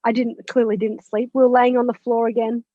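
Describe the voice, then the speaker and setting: High-voiced candid woman, dry lo-fi sound. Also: brisk, no echo. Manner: animated, candid, swears and laughs while recounting. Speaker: podcast guest, spiritual mentor. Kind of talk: personal storytelling in an interview.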